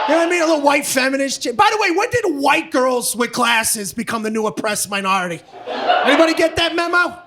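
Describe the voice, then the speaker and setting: A middle-aged man doing stand-up comedy on a club stage, brash, profane and often shouting. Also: very high voice, big pitch swings, fast talker. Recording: live club audio with background noise.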